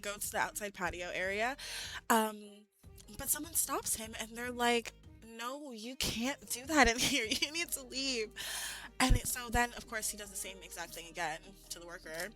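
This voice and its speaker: A woman streamer telling a story in casual chat, animated and laughing, with lots of "like". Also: medium pitch. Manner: animated, laughing, heavy use of "like". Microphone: streaming mic.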